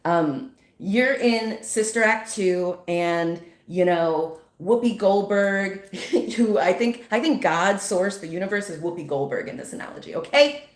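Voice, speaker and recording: A woman's voice: mid-range voice, expressive, a little slow. A woman giving a casual spiritual pep talk straight to the listener, emphatic and chatty, often checking in with "okay?". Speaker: spiritual motivational speaker. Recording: roomy echo.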